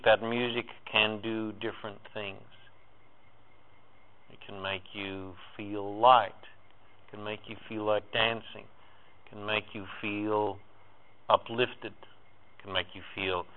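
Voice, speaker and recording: A man leading a live group in a guided spiritual talk, speaking in repetitive, incantatory phrases that swell with emphasis. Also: lowish voice. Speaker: spiritual workshop leader. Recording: tinny phone-like recording.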